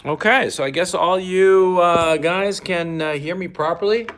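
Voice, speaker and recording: A man talking on his own live stream, hesitant and halting, pausing to check chat. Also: high-pitched, fairly bright tone, a little hiss or hum. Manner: hesitant, halting, full of pauses. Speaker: live streamer in a played clip. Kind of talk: casual solo live stream.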